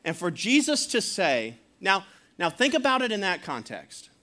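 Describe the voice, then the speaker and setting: Speaking plainly to the congregation at a moderate pace, this male pastor preaches in an easygoing, conversational tone pitched fairly high. Chuckles come often, and he sometimes performs quotes in character.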